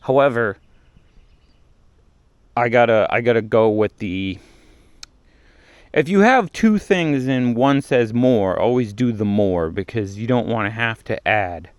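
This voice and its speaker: A man's voice: mid-range voice, animated, a little slow, long pauses, clear, resonant tone, dry recording. A man giving a chatty, rambling walkthrough of a septic install outdoors on a job site, explaining each step as he goes. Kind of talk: casual on-site vlog narration.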